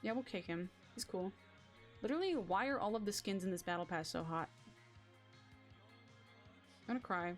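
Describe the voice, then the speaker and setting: Young female streamer, mid-range voice, rambling and excitable chatter over soft background music. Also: mid-range voice. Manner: excitable, rambling, self-mocking. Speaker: game streamer. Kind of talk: casual live-stream chatter.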